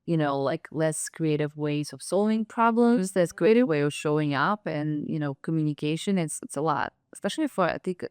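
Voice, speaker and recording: Smooth-voiced woman host, gently halting. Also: low voice, dry recording, studio quality. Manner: supportive, gentle, halting phrasing. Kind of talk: casual conversational interview.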